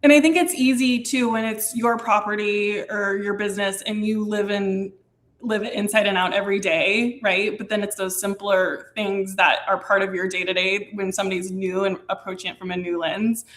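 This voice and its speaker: A woman's voice: medium pitch, steady tone, normal speed, a bit bright. A woman moderating a webinar panel from the hotel side, conversational and asking open questions over a video call.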